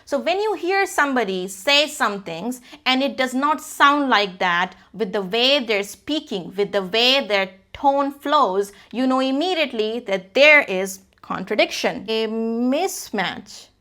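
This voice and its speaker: Woman speech coach, emphatic to-camera lesson, bright voice, sits a little high. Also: expressive, a little slow, few pauses. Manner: emphatic, lecturing, demonstrates examples by changing her delivery. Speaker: English communication coach. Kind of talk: direct-to-camera speaking lesson.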